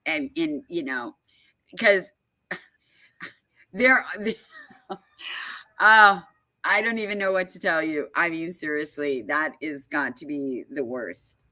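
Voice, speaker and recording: A woman explains at an unhurried pace, leaning hard on her points. Her voice is bright and forward. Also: low voice. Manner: emphatic storyteller, laughs often. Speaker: guest speaker on foreclosure fraud. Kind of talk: casual explanatory talk.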